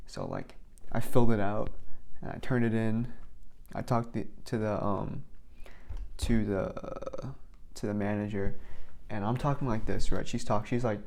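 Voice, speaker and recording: This young vlogger tells work stories in a loose, rambling way, heavy on filler words, frequent "like"s, and restarts. He speaks at normal speed in a lowish, darkish voice with vocal fry and long pauses.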